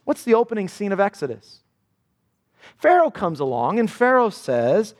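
Male pastor, lively high-pitched sermon delivery, dramatic scripture reading. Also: moderate pace. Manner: animated preaching, voicing scripture dramatically.

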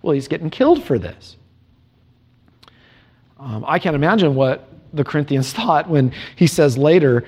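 A male preacher delivering a sermon, earnest and emphatic, asking rhetorical questions and reading scripture aloud in a measured cadence. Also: a little high, very animated, a little mellow, slightly rough.

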